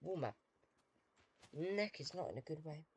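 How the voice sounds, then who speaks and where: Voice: mid-range voice, animated, moderate pace, breathy edge, dry recording. A British streamer chatting casually with viewers while playing a game, dry and self-deprecating.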